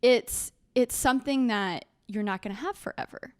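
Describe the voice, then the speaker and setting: A woman's voice: on the high side, moderate pace, smooth, dry recording, clean studio sound. A young adult woman hosting a podcast interview, engaged and reflective in conversation. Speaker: podcast host.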